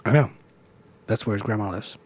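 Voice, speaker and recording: A man's voice: lowish voice, fairly quick, darkish tone, a little hiss or hum. A young man co-hosting a casual podcast, telling a rambling story, swearing freely and acting out the people he quotes. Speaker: podcast co-host. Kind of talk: casual chat.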